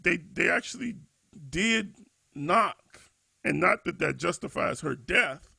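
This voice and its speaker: A man's voice: mid-range voice, vocal fry, fairly bright tone, no echo. A man co-hosting a discussion podcast, thinking aloud with many restarts and fillers. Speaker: podcast co-host.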